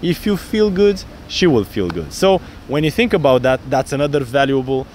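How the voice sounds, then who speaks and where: A man's voice: medium pitch, moderate pace, slight background noise. A man coaching a student on a city street, explaining how to approach women and acting out his lines. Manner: animated, acts out pickup lines in different voices. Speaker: dating coach. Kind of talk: outdoor coaching talk.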